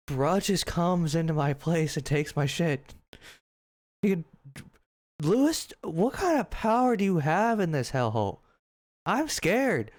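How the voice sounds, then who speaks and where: A man giving casual, joking gameplay commentary, rambling and swearing as he reacts to the game. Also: a little high. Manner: joking, profane, animated rambling. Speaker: gaming streamer.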